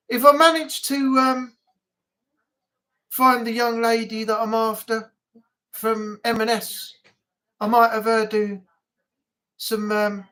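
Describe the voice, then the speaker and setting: Man, northern English accent, livestream chat host, casual, rambling, lots of fillers. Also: sits high. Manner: rambling, relaxed, with many fillers.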